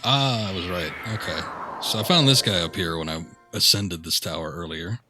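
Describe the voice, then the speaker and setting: A man's voice: sits low, normal speed, music in the background. A man streaming a video game, talking casually and joking at himself as he plays. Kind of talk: casual gameplay commentary.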